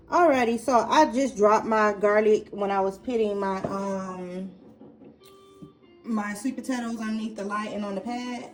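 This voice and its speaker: A woman's voice: medium pitch, unhurried, soft background music. A woman records a casual gardening vlog on her phone at home. She chats loosely as she works, trailing off into fillers and restarting her sentences, in a plain everyday voice. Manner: chatty, thinks aloud with many fillers and restarts. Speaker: gardening vlogger. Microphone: phone camera.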